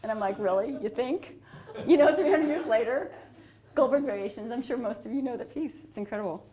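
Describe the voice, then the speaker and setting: A middle-aged woman, an author and adoptive mother, telling stories in a lively, casual way and laughing often. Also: on the high side, quick pace, a little hiss or hum. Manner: animated storyteller, laughs often. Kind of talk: casual talk answering questions.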